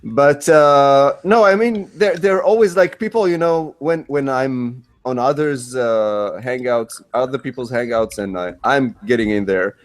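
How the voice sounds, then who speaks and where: A man with an Israeli accent hosting a casual group call, talking in halting, restarting sentences. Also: mid-range voice. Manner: rambling, halting with many restarts. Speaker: host.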